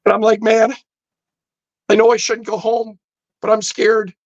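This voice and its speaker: A man's voice: high voice, monotone, unhurried, dry recording, dull audio. Guy telling a story real intense on a podcast, acts out all the lines, dead dry close mic. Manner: intense, vivid storytelling with quoted dialogue. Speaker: podcast guest. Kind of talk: storytelling in casual chat. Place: podcast studio.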